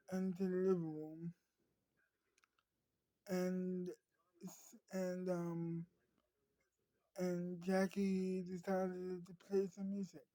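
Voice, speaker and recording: A woman spins an improvised story, stopping and restarting constantly and filling gaps with ums. Her voice is mellow and her pace slow and unhurried. The sound is dry and close to the mic. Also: fairly low pitch, dry recording, low-quality recording. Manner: halting, many fillers and restarts.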